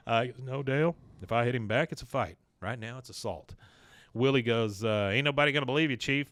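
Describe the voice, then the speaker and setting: A man co-hosting a podcast, casually retelling a cartoon episode and jumping into quick voices for the characters. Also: mid-range voice, no room sound. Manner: animated, acts out characters' lines in quick put-on voices. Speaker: podcast co-host recapping an episode.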